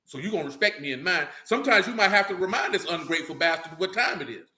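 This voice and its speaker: A fast-talking man with a high-sitting, expressive voice and a sharp tone speaks casually and bluntly, without a script. He's a religious group speaker who swears a lot and keeps asking "you know what I'm saying." The space sounds roomy and echoey.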